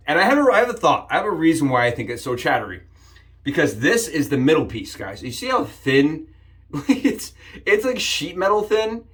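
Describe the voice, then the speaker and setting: Jokey guy rambling thru his shave demo, kinda higher voice, gets all excited and squeaky sometimes. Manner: upbeat and jokey, with sudden excited jumps in pitch; rambling, with frequent restarts. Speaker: shaving channel host. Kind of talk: casual shave demonstration vlog.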